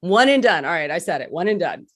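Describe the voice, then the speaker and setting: A woman's voice: on the low side, sing-song, fast, fairly bright tone. Candid self-deprecating woman speaker. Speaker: crisis support speaker. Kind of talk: casual recovery talk, live stream.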